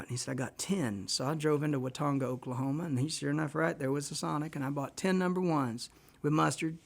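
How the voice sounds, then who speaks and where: A man from Texas, a guest musician telling a long rambling story in a casual, animated way on a radio show. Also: fairly high pitch, fast, gravelly.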